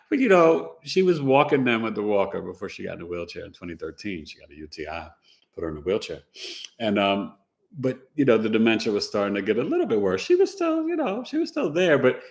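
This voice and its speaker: A man hosting a casual podcast, telling animated family anecdotes with laughs and sound effects. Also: on the low side, fast. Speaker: podcast host and astrologer. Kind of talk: casual storytelling chat.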